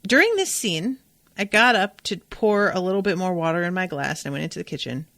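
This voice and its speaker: Woman host, fast casual episode recap, lots of swearing and asides, slightly low voice, dry recording. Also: dry recording. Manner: animated, profane, digressive. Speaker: podcast host.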